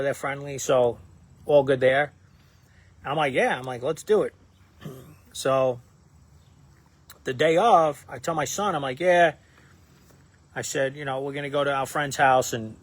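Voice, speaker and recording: A man in his thirties, a dad who makes parenting videos, telling a personal story in a casual, rambling way with lots of fillers and restarts, acting out what people said. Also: on the high side. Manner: rambling, many fillers and restarts, acts out quoted lines. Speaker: parenting content creator.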